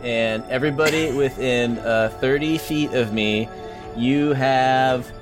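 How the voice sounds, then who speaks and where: A man's voice: medium pitch, takes it slowly, music in the background. A man playing a tabletop game, explaining his character's abilities in a matter-of-fact way. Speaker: player. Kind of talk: casual tabletop play.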